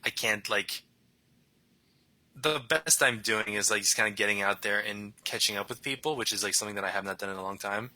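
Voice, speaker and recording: Bright-voiced rambling young man. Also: on the low side, brisk, dry recording, rough recording. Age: young adult. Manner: rambling, chatty, laughs easily. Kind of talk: casual conversation.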